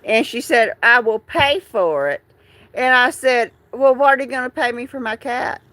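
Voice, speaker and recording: A woman, talking through grief on a live stream, halting and repeating herself, tearful at times. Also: a little high, fairly bright tone, poor audio. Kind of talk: emotional live stream chat.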